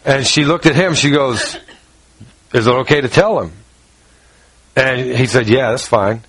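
A man's voice: medium pitch, unhurried, a bit bright, breathy edge, dry recording, rough recording. A man preaching a sermon in a conversational way, often repeating words as he tells stories.

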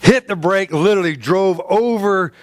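A man preaching a sermon through a personal story, halting and stumbling over repeated words, and acting out the dialogue. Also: a little high, a bit bright, no echo. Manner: acts out quoted dialogue in his stories.

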